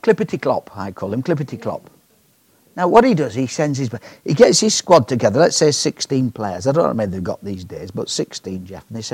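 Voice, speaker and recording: A man's voice: medium pitch, big pitch swings, brisk, darkish tone, breathy edge, no echo. A man preaching a sermon in a chatty, joking way, often asking the congregation questions.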